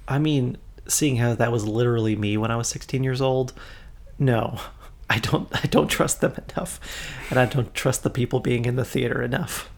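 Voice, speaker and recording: A young man with an ordinary mid-range voice talks in an easygoing, agreeable way. He laughs easily as he chats. He sounds relaxed and unhurried. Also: mid-range voice, gravelly. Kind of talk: casual chat.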